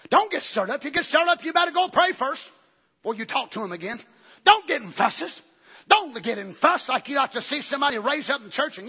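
A male pastor preaching a fervent sermon in a church, swinging between shouting and hushed talk. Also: extremely high pitch, expressive, brisk. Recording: dull recording with long hall reverb.

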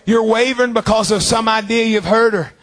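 A man preaching a sermon fervently, with long drawn-out phrases. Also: sits high, fairly even intonation, fairly bright tone.

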